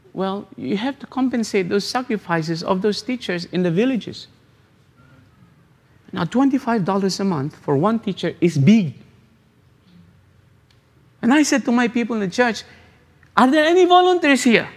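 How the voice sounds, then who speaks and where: High-voiced pastor preaching in a reverberant hall. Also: male voice, expressive. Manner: repetitive, rhetorical preaching with halting restarts. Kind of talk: sermon.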